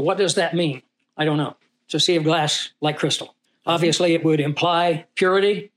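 A man's voice: a little high, moderate pace, a bit bright. A man teaching a Bible study, who reads scripture aloud and puts questions to his class.

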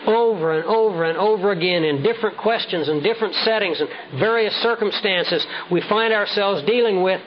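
A man preaching a sermon with measured, emphatic delivery, slowing down to stress key words. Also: sits high. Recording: dull lo-fi sound with faint noise.

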